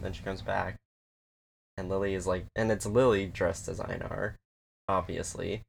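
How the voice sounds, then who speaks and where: A man chatting casually about a film, rambling, swearing and acting out scenes in quick little quoted voices. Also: deep voice, fairly even intonation, gravelly, a little hiss or hum. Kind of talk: casual chat.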